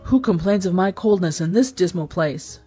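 A woman's voice: on the low side, animated, normal speed, dark tone, husky, faint music behind. A woman voicing a king turned into a talking sheep, formal and earnest in speech. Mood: indignant. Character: enchanted king turned sheep, courteous and proud.

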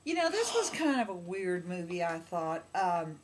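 A woman's voice: fairly low pitch, big pitch swings, moderate pace, a little hiss or hum. A woman chatting casually about a movie she watched, hesitant, with lots of fillers. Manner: hesitant, with many fillers and repeats. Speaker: movie reviewer. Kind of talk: casual comedic chat.

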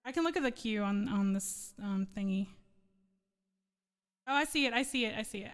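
A woman's voice: on the high side, moderate pace, pauses often, smooth, big-room sound. A woman streamer chatting casually with viewers between song requests, rambling and laughing often. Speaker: streamer and singer.

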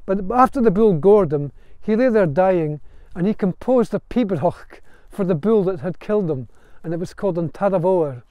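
A man's voice: high-pitched, animated, normal speed, mellow, no echo. A man, speaking as a bard and storyteller in an earnest spoken lecture, with a storytelling cadence and a few restarts. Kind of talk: spoken lecture on Gaelic song and history.

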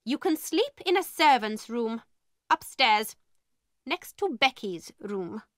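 A stern, indignant headmistress, put on by a woman reading a storybook aloud, her voice climbing high and swinging widely as she presses each word slowly and sharply. The sound is close and dry. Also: big pitch swings, dry recording, full character voice. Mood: cold. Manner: sharp, indignant, slow and emphatic. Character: stern, angry female headmistress, middle-aged.

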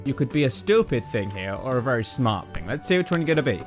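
A man's voice: fairly high pitch, big pitch swings, a little fast, few pauses, over music. A man doing exasperated, self-mocking gameplay commentary, yelping often. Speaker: gaming YouTuber. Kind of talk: game commentary.

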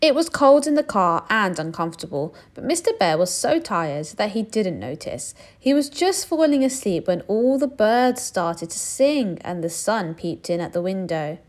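A woman reading a children's picture book aloud, expressive and playful, with sound effects for the noises in the story. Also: mid-range voice, normal speed, few pauses.

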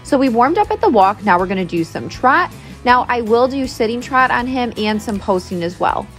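A woman's voice: a little high, very animated, normal speed, soft background music. Upbeat woman explaining horse tack. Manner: friendly, explaining step by step with frequent "okay?". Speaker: horse owner and rider. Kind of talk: casual instructional vlog. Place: at a horse farm.

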